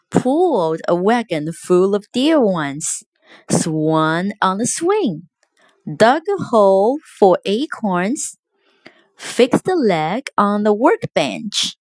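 A tender storybook mother speaks in a soft, reassuring voice with a lively, rising and falling tune, as a woman reads her part aloud. She talks very slowly, and the recording is dry and close. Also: medium pitch, no room sound. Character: gentle loving mother.

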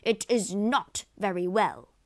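A woman's voice: lowish voice, big pitch swings, moderate pace. A woman voicing an angry young male suitor who howls complaints. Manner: howling, complaining.

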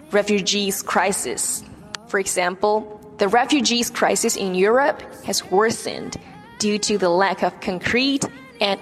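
A woman's voice: mid-range voice, long reverb tail. A woman teaching English vocabulary, repeating each word and checking in with "okay?" after nearly every point. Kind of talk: vocabulary lesson.

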